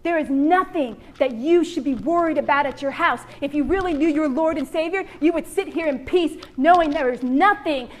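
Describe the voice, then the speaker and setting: A woman's voice: sits high, normal speed, few pauses. A woman preaching to a women's church gathering, joking and acting out little voices as she goes. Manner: animated, jokey, acts out voices. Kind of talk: sermon.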